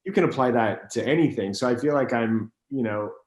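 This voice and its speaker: A man, an actor, chatting casually with another actor and telling meandering, animated stories. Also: medium pitch, fairly quick, roomy sound. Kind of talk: casual conversation between actors.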